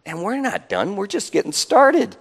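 Male preacher, fairly high voice, very lively intonation, chatty sermon storytelling, frequent chuckles. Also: moderate pace, vocal fry, slightly rough. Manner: animated, chuckling often, conversational. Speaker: pastor.

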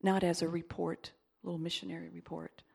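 A woman pastor preaching a sermon and leading prayer, emphatic, dropping to whispers and rising to loud exclaiming. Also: fairly low pitch, little pitch movement, brisk, gravelly, slightly rough.

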